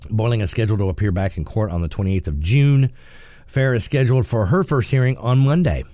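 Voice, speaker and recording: A man hosting a morning talk radio show, sarcastic and quick to laugh as he comments on the news. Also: lowish voice, lively intonation, warm tone, dry recording. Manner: joking and sarcastic, laughs often. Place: radio studio.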